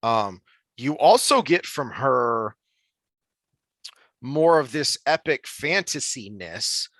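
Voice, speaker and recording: A man's voice: mid-range voice, sing-song, slow, fairly bright tone, no room sound. A man co-hosting a podcast, chatting casually about a fantasy book series with lots of restarts and fillers. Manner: rambling, many restarts and fillers. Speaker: podcast co-host.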